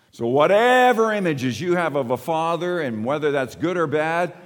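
A man preaching a sermon as pastor, swinging from lively emphasis down to soft, low, drawn-out lines. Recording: long hall reverb.

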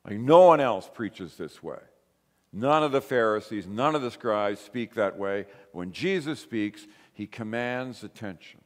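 A male pastor giving a conversational sermon in a church, mostly calm, rising to emphatic bursts. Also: lowish voice, a little slow. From grew up in a Pentecostal church. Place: church sanctuary. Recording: long hall reverb.

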